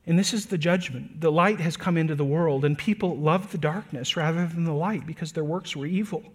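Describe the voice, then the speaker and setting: A man preaching a sermon to his church, earnest, slowing down and lifting his voice to stress key points, then dropping soft and quiet. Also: fairly high pitch, slightly rough. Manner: earnest preaching, slows and lifts voice for emphasis; drops to soft, quiet delivery on tender points. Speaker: pastor.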